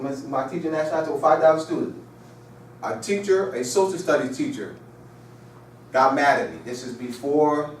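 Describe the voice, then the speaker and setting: A man's voice: mid-range voice, slight background noise. A man giving a classroom lecture with call and response, emphatic and repetitive, firing rhetorical questions and telling chatty stories. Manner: chatty storytelling asides. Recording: echoey room, mic far off.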